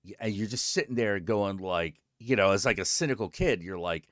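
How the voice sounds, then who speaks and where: A man's voice: fairly low pitch, fairly quick, hardly any pauses, dry recording, clean studio sound. A man hosting his own stream, chatting casually and telling a story with lots of swearing, acting out both sides of conversations. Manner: animated, profane, acts out both sides of conversations. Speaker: streamer host.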